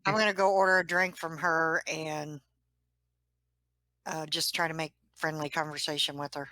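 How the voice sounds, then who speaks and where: Low-voiced matter-of-fact woman. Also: flat delivery, normal speed, sharp tone, dry recording. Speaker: player. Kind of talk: casual tabletop role-play.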